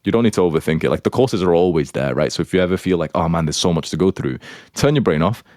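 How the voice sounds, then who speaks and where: A man with a deep, low voice rattles off dating advice at a rapid clip. He is blunt and crude, swearing freely as he lectures his audience. The sound is close and dry. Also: animated, darkish tone, dry recording. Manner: lecturing, instructive. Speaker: dating advice host answering questions. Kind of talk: casual advice monologue.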